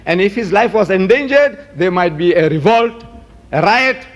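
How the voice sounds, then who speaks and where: A man's voice: sits high, animated, moderate pace. A man from Africa, giving a combative, rhetorical public lecture and mimicking his opponents. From South Africa. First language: Gujarati.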